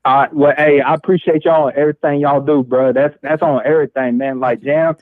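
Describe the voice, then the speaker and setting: A man's voice: on the high side, fairly even intonation, a little fast, no echo. A man calling in to a show, talking in a slangy, friendly way and leaning on fillers like "bro.". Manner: slangy, repeats "bro" and "you know what I'm saying". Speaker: caller. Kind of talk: casual phone chat. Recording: tinny dry phone line.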